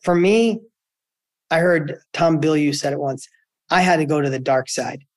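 In this motivational interview, a male entrepreneur guest talks at a moderate pace, an emphatic storyteller whose pitch swings animatedly. His voice comes across close and dry, without any room sound.

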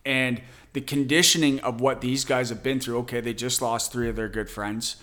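A man's voice: medium pitch, fairly even intonation, moderate pace, fairly bright tone. A middle-aged man, an army sergeant, guesting on a casual podcast and retelling stories in quoted voices. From Canada. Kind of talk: casual chat.

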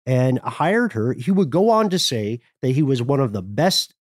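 A man co-hosting a casual history podcast, retelling events in an animated way and jumping into voiced quotes. His sound is dry and close, with no room around it. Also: mid-range voice, normal speed, no room sound. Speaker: podcast co-host.

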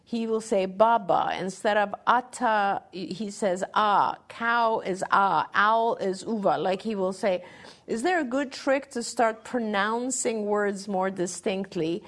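A woman's voice: medium pitch, a little slow. A middle-aged woman co-hosting a talk show, giving earnest, encouraging advice to parents and often restarting her phrases. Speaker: podcast co-host answering parent questions.

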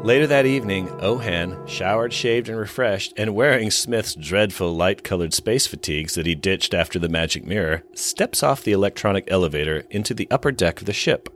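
A man co-hosting a podcast recaps an episode's plot with storyteller pacing, dropping wry asides between the narration in a casual chat. His voice sits low, expressive and fairly bright, brisk with hardly any pauses, over soft background music.

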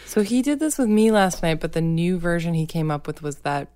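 A woman co-hosting a casual chat, thinking out loud and hedging her points. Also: on the low side, lively intonation, a little fast, smooth. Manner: thoughtful, hedging with many "like" fillers.

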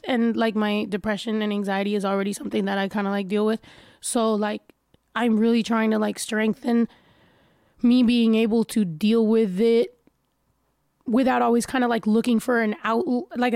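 A woman's voice: fairly high pitch, darkish tone, dry recording, studio quality. A casual woman with a stuffy nose, chatting bluntly and often profanely while reading viewer comments. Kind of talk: casual chat.

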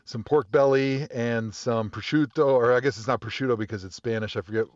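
Man, guest storyteller, relaxed and rambling, muffled dry sound. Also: medium pitch, brisk, no room sound. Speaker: guest, former football player. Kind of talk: casual storytelling.

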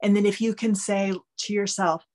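A woman's voice: mid-range voice, moderate pace. Candid woman explaining animatedly. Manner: candid, animated, swears freely. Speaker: guest expert. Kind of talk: casual podcast conversation.

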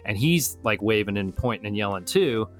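A young man casually telling a long story to friends, rambling and animated as he acts out what his friends said. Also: lowish voice, normal speed, soft background music. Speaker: storyteller in a truth-or-lie game. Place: Florida.

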